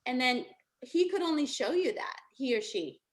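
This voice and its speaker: A woman's voice: high-pitched, expressive, moderate pace. A middle-aged woman, giving a casual motivational talk as a coach and telling stories with lots of laughter. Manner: chatty, laughing storytelling.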